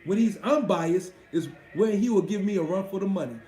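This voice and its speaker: High-voiced dude bragging and swearing on his stream, roomy echo. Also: fairly quick. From Washington D.C. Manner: profane, boastful, shouting out chat viewers. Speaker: live stream host. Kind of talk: casual live stream chat.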